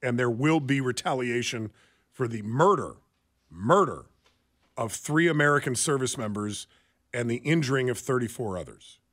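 A man's voice: mid-range voice, brisk, a bit bright. A man co-hosting a talk radio show, speaking earnestly with frequent fillers. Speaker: radio co-host. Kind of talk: talk radio news commentary. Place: radio studio.

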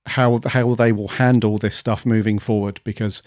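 A man's voice: fairly low pitch, level tone, moderate pace, a little mellow, no room sound, studio quality. A man co-hosting a podcast in casual chat, musing aloud with many fillers. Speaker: podcast co-host.

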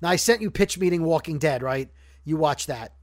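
High-voiced man, rambling podcast host. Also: animated, a little fast, a little mellow, no echo, studio quality. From Brooklyn, New York. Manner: rambling, joking, self-correcting. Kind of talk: casual podcast chat.

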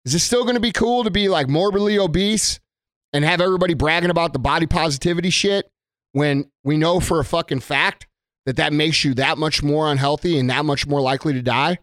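A man's voice: a little high, a little fast, fairly bright tone, no room sound, clean studio sound. Angry swearing man ranting. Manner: angry, blunt, heavy swearing, repeats for emphasis. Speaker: business owner. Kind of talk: profane political rant to camera.

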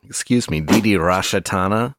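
A man co-hosting a satirical comedy podcast, talking in a mock-serious, deadpan way and often breaking into laughs. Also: deep voice, normal speed, a little hiss or hum. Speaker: podcast co-host.

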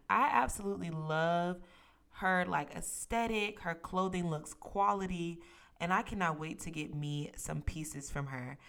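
A young woman hosting her own podcast in casual, expressive, sisterly talk. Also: on the low side, clean tone. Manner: expressive, playful, sisterly and emphatic. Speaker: podcast host.

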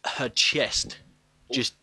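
A man's voice: very slow, sharp tone, no room sound. A man co-hosting a casual chat about a film, asking questions and joking. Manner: chatty, asks questions, jokes.

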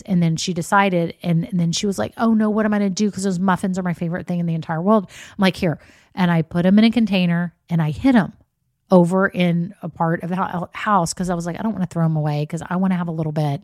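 A woman's voice: lowish voice, no room sound, studio quality. A woman hosting a casual solo podcast as a business coach, chatty and encouraging. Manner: chatty, encouraging, says "y'all" and "okay?" often.

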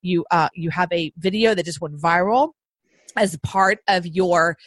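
A woman's voice: fairly low pitch, a little slow, no echo. Bubbly woman podcast host. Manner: bubbly, enthusiastic, rambling. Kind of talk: casual interview chat. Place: Austin.

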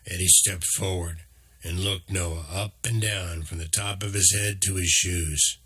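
Slow, deep, husky male storyteller. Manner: slow, steady, deep reading. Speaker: narrator. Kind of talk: storybook narration.

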